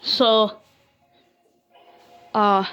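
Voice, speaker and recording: A woman's voice: medium pitch, level tone, very slow, a bit bright, highs cut off, soft background music. A woman casually telling a creepy true story, cursing freely and retelling what everyone said. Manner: casual, swears freely, retells talk with "I'm like".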